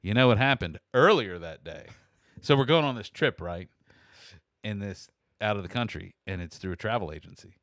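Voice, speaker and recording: A middle-aged man tells a rambling story on a podcast, throwing his voice up high whenever he quotes someone. His tone is bright and forceful. The sound is dry and close. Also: normal speed, no room sound. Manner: animated, acts out quoted people with rising pitch. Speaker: podcast host. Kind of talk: casual storytelling chat.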